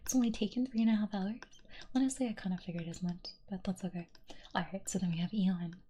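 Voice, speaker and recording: A woman streamer in soft-spoken ASMR stream chat, slipping between whispers and quiet talk and giggling often. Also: medium pitch, fairly even intonation, quick pace, slight background noise.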